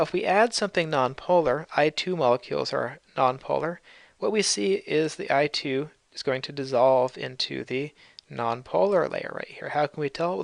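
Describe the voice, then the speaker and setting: A man's voice: fairly high pitch, vocal fry, no room sound. A man teaching chemistry in a casual recorded lecture, explaining with fillers and light jokes.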